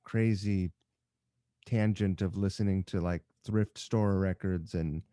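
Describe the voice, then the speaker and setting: A man hosting a podcast, asking curious questions and wandering into relaxed, rambling asides. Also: sits low, takes it slowly, no echo, studio quality. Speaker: podcast host. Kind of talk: casual interview.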